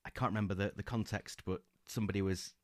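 A low-pitched man co-hosting a podcast, talking eagerly and rambling, full of ums and false starts. His voice is close and dry. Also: steady tone, fast, no room sound. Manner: enthusiastic, rambling with many fillers and restarts. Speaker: podcast co-host. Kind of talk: casual book-club chat.

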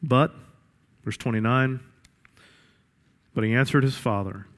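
A man's voice: mid-range voice, unhurried, a bit bright. Man preaching a sermon, emphatic, repeats himself, big echoey hall. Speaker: pastor.

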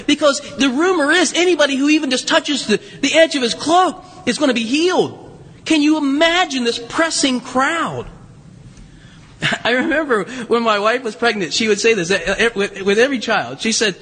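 A man's voice: extremely high pitch, expressive, normal speed, fairly bright tone. A middle-aged man preaching a sermon as pastor, telling stories in a chatty way with many fillers and laughs. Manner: conversational storytelling with frequent fillers and laughs. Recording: long hall reverb.

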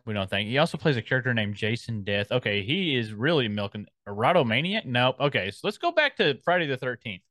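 A man's voice: mid-range voice, sing-song, fast talker, hardly any pauses, a bit bright, dry recording. Guy cohosting a podcast, rambly, reading stuff off his screen, dry close sound. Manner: rambling, reads listings aloud while scrolling. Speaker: podcast co-host. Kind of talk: casual chat.

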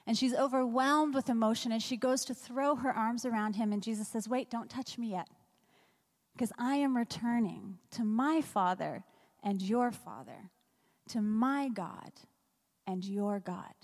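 A woman's voice: on the high side, a little slow, in a large hall. A woman pastor giving a conversational sermon, asking the congregation rhetorical questions.

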